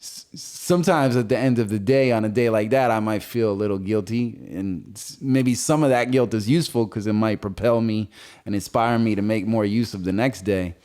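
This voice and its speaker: Dark in tone and fairly low in pitch, this man speaks at a moderate pace. He's a visual artist being interviewed on an informal podcast, rambling through his thoughts with frequent fillers and restarts.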